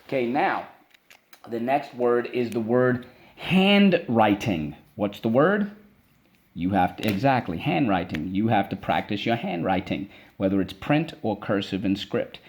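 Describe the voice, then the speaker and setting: A man teaching a spelling lesson to children, drilling words slowly syllable by syllable and coaxing the class along. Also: lowish voice, expressive, a little hiss or hum.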